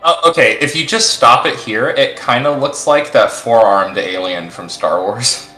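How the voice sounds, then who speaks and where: A man's voice: medium pitch, measured pace, sharp tone. A man co-hosting a casual stream, talking in rambling, jokey stretches full of restarts. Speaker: stream co-host. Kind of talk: casual chat. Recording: echoey room with faint music.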